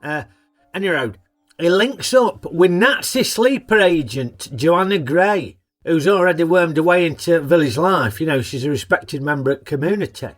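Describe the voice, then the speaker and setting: A man's voice: a little high, expressive, normal speed, soft background music. A man narrating a comic film review in a cheeky, sarcastic, colloquial way.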